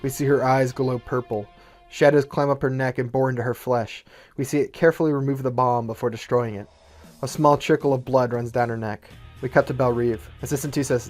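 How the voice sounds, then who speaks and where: Guy narrating his fan-made movie script, steady, faint guitar music behind. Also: medium pitch, brisk. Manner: plain, steady storytelling, light commentary. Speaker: YouTuber.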